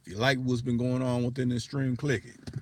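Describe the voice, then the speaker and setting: Casual, profane livestream host. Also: male voice, mid-range voice, level tone, brisk, a little mellow, a little hiss or hum. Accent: African American English. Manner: loose, profane, conversational with frequent restarts.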